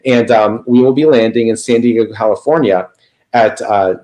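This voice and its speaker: A man's voice: on the low side, moderate pace, warm tone, close to an everyday voice. A man voicing a laid-back male jet pilot in a story he tells, offhand and drawling. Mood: calm.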